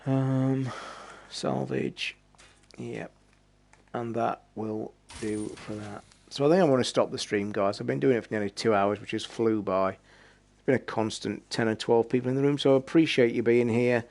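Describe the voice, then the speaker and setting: Worn out british guy rambling through his stream sign-off, bit of gravel in the voice, swears casually. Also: mid-range voice, steady tone, normal speed, a little mellow. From Britain. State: tired. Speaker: game streamer. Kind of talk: casual live-stream chat.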